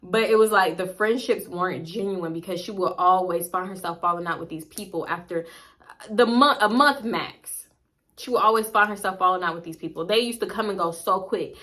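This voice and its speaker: Bright-voiced young woman telling a story. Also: on the low side, brisk. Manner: blunt, animated, profane, gossipy storytelling. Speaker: vlogger. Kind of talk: casual storytime.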